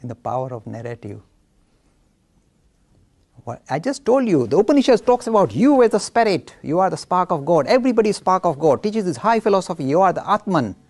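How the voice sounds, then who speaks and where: A man giving a storytelling lecture on Hinduism with an animated delivery, acting out voices as he speaks. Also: high voice, fairly quick. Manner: animated, acts out voices, chuckles.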